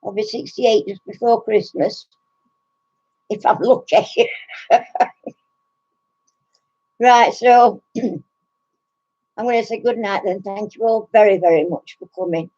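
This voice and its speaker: Woman, sixties, breathless, slow, husky, chatty live stream host. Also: mid-range voice, dark tone, lo-fi sound. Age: 60s. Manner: giggly, chatty, greets viewers by name. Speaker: craft channel host. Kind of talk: casual live stream chat with viewers.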